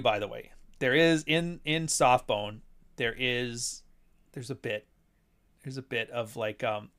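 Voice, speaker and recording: A man talking loosely and profanely, with a pitch that sits in the ordinary middle range. He rants in an offhand way and drops short chuckles between his points as a casual talk host. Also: a little slow, a bit bright. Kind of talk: casual chat.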